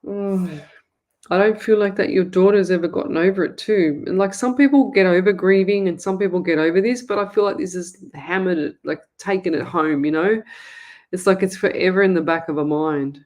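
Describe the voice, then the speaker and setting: An Australian psychic medium hosts a live reading show, her lowish, darkish voice moving fairly quickly. She talks to viewers in a rambling, chatty way, restarting often.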